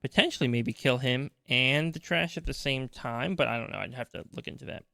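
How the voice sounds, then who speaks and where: A man's voice: medium pitch, brisk, gravelly, sharp tone, dry recording. A man co-hosting a casual gaming podcast, rambling and restarting, sleepy this early morning. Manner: rambling, restarts often, slips into quoted reactions. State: sleepy, yawning. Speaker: podcast co-host.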